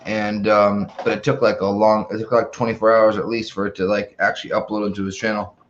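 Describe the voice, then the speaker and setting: A man's voice: lowish voice, flat delivery, fairly quick, slight background noise. A man chatting casually on a live stream call, rambling with many fillers. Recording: dull lo-fi call with faint ambience.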